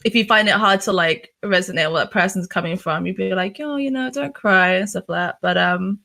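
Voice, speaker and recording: A woman's voice: lowish voice, steady tone, fairly quick, creaky, bright, forceful tone. A young woman from England, a streamer talking candidly in a casual interview, chatty, laughing often and swearing freely. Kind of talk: casual chat.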